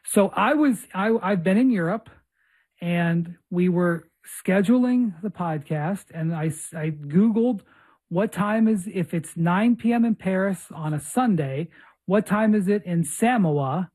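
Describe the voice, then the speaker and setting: Husky woman telling a story animatedly. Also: lowish voice, unhurried. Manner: animated storyteller, repeats phrases for effect. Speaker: podcast host. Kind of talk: casual chat.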